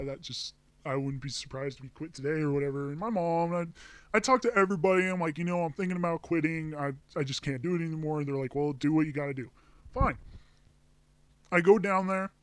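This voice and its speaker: A man's voice: fairly high pitch, no room sound. A young man ranting to camera, telling a heated, profane story about a bad job with angry outbursts. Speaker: vlogger. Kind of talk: angry personal rant.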